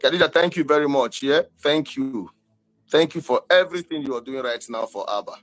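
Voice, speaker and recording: A man's voice: mid-range voice, fairly quick, low-quality recording. A man on a video call, consoling a friend effusively and repeating his words of comfort.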